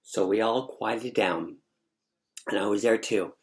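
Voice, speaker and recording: A man vlogger telling a story in a casual, animated way, with frequent restarts and asides. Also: lowish voice, slow pace. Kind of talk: casual storytelling recounting a dream.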